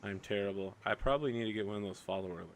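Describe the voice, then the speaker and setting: A man's voice: on the low side, rapid-fire, a little hiss or hum. A man running a live-streamed tabletop game as game master, narrating casually with lots of "like". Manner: casual, chatty, lots of fillers like "like".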